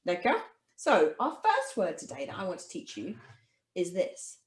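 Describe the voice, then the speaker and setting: A woman's voice: lowish voice, huge pitch swings, moderate pace, roomy sound. A woman teaching an online French lesson to children in a cheerful, sing-song manner. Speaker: language teacher.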